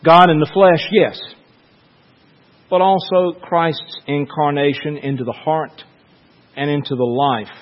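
A male pastor delivers a sermon at an unhurried, measured pace, letting phrases hang between dramatic pauses. His voice sits at an ordinary pitch, slightly muffled, and trails off into a long hall reverb.

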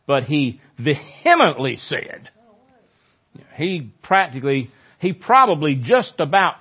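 Male pastor, mid-pitched, conversational sermon delivery, mildly lo-fi recording. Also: measured pace, breathy edge. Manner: conversational, animated when quoting scripture.

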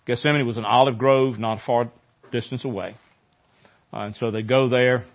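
A male pastor preaching a sermon in a conversational way, growing animated when he quotes scripture. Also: medium pitch, moderate pace, muffled recording.

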